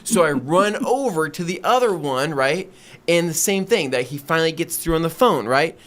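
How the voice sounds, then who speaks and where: A man with a slightly raised pitch tells a story on a podcast in a loose, chatty way. He leans into it, acting out every quoted line with lively emphasis. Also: moderate pace. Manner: animated, acts out quoted dialogue. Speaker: podcast co-host. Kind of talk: casual storytelling.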